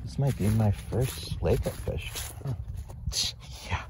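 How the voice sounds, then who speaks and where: A man's voice: lowish voice, slow pace, background noise. A man vlogging a winter fishing trip by a lake, joking and rambling to himself as he casts. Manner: jokey, rambling, mutters to himself. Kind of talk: casual outdoor vlog narration. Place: outdoors by a pond and lake in winter.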